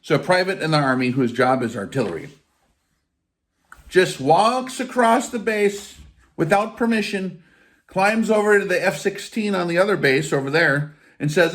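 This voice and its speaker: A man's voice: high-pitched, normal speed, a bit bright. A man giving an informal spiritual teaching in a blunt, emphatic way, with casual swearing. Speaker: faith teacher.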